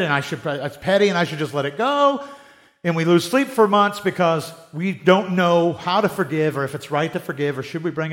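A man's voice: a little high, a bit bright. A man preaching a sermon in a conversational way, often acting out the voices of people he quotes. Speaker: pastor.

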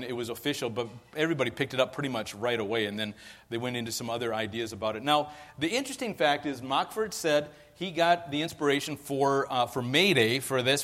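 A man's voice: medium pitch, a bit bright, in a large hall. A man giving a sermon as pastor, in a conversational, casual way with ums and restarts. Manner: conversational preaching with fillers and restarts.

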